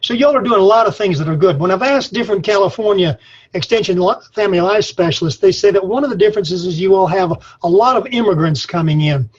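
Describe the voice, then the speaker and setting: A folksy older man from Colorado tells stories in a webinar lesson, his voice pitched a bit high with a husky edge. The sound is dull and lo-fi, as from a webinar feed. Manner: folksy, storytelling, says y'all. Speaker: extension speaker on farm mental health. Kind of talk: webinar presentation. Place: his office.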